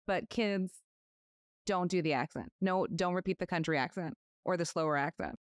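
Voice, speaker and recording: A woman's voice: lowish voice, moderate pace, dry recording, clean studio sound. A woman hosting a podcast interview, telling stories in a friendly way and laughing easily. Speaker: podcast host, lawyer. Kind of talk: conversational interview.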